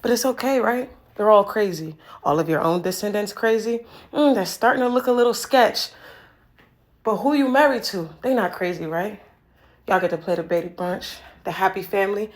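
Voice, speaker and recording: A woman performs an improvised spoken word poem in a raw, accusing delivery. She drops to hushed, heavy lines and then pushes out forceful ones. Words and phrases come back again and again as refrains. Her pitch sits in a middle range for a woman. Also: moderate pace.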